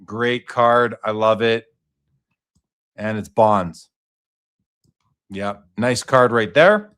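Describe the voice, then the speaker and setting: A man's voice: mid-range voice, a bit bright. A man hosting a live sports card auction stream, reading out each lot's details and asking his guest for opinions. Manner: casual, reads out lot details and asks the guest questions. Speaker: host.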